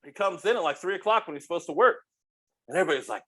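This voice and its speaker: A middle-aged man spins a restaurant story in casual chat, animated and profane, laughing through the punchlines. His voice sits a bit high for a man. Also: very fast, breathy edge. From United States. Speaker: podcast guest, restaurant owner.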